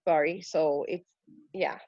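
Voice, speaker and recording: A woman in her forties with a Jamaican accent, sharing her experience in a workshop, telling it in an animated way and acting out what other people say. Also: low voice, slow pace, lo-fi sound. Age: 40s. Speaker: workshop participant. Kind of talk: casual sharing.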